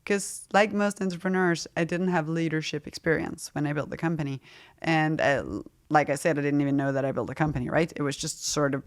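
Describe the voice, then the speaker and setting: Frank, lively woman founder. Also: sits low, brisk. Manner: frank, lively, laughs often. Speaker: fashion brand founder, guest. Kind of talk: casual interview talk.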